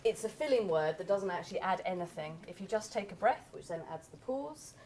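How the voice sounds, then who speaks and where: A woman's voice: medium pitch, expressive, brisk, slight background noise, rough recording. A woman, giving frank but kind feedback to a speaker. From England. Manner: frank, reflective, gently corrective. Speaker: judge.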